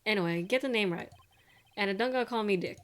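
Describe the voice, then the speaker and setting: A woman reading game lines aloud as a gruff, blunt male police detective who keeps saying pal. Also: mid-range voice, fairly quick, lightly acted. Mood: brusque. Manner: calls everyone pal, brash and blunt.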